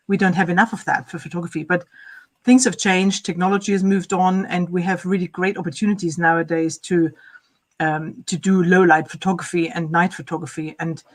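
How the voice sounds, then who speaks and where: A woman photographer as livestream guest, explaining her craft thoughtfully with some hesitation. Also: on the low side. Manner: thoughtful, slightly hesitant with fillers. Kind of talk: casual interview answers.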